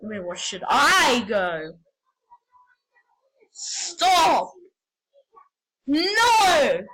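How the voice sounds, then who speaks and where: A woman giving casual, rambling game commentary, excitable and prone to sudden yelps and shouts. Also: high voice, extremely slow, low-quality recording. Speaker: gamer.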